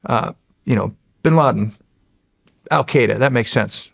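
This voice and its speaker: A middle-aged man from the United States with a gravelly, fry-touched voice, telling stories from his service years. He talks casually and in an animated way, full of fillers and restarts, at an everyday pitch for a man. The sound is close and dry, with no room around it. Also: a little slow, dry recording. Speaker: podcast guest, former Navy SEAL. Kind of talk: casual storytelling.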